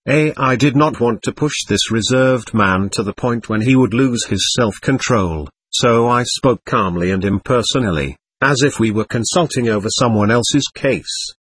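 A man narrating a novel in the first person, in an even, unhurried storytelling manner. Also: mid-range voice, slightly rough, dry recording. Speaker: audiobook narrator.

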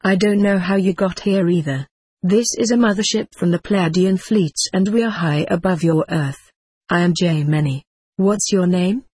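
A woman puts on a cheerful male crewman aboard a starship, amused and emphatic in a spoken story. The tone is a little breathy. It sounds close and dry, with no room around it. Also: fairly low pitch, moderate pace, a little mellow, dry recording. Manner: emphatic, commanding.

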